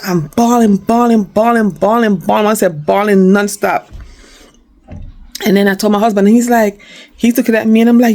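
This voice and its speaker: A middle-aged woman with a New York accent talks straight to her viewers in a relaxed vlog. She is chatty and animated, with a voice of medium pitch for a woman. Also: brisk. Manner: animated, chatty, acts out quoted talk. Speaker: vlogger. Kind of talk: casual storytelling vlog.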